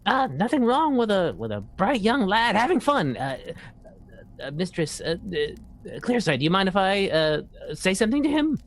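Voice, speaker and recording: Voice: mid-range voice, very animated, normal speed. A player speaking in character at a tabletop game, stammering and repeating words.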